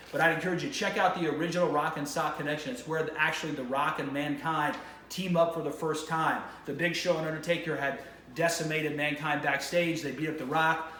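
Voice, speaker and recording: A man's voice: a little high, pushed and bright, slight background noise. A male vlog host talking enthusiastically to camera, rambling and restarting his sentences. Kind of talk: casual to-camera monologue. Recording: roomy echo with faint ambience.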